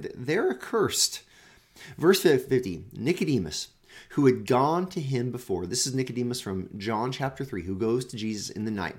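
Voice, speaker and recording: A pastor teaching a daily devotional, reading scripture aloud and then paraphrasing it conversationally, often repeating words as he goes. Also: medium pitch.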